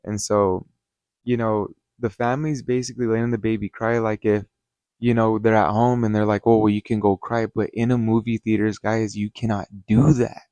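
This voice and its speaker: A man with a low-pitched voice gives a casual story-time review as the host of his channel. He rambles and gets heated, swearing often and filling gaps with "you know". The sound is dry and close, with no room echo. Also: little pitch movement, normal speed, darkish tone, clear, resonant tone.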